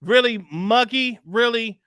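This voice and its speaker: High bright-voiced man hosting a live stream. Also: slow, clear, resonant tone, no room sound, studio quality. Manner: laid-back, chatty, slangy shout-outs. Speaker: livestream host. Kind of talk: casual live-stream chat, greeting viewers.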